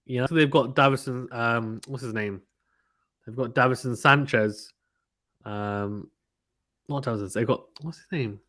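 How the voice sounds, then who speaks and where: A man from the United Kingdom hosts a casual cricket watchalong at a mid-range pitch. He chats easily, reads out viewers' comments, and his voice lifts when a big shot is played. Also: a little slow, pauses often. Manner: chatty, reads viewer comments aloud, gets excited at big shots. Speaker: host reading live chat.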